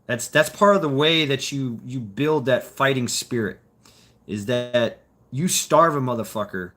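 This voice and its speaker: A man in his fifties hosts a loose, casual livestream, talking straight to his viewers. His voice is bright and forward, with a middling pitch. He rambles, swears often and trips over repeated words as he works his way through a thought. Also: unhurried. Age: 50s. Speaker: livestream host reading chat.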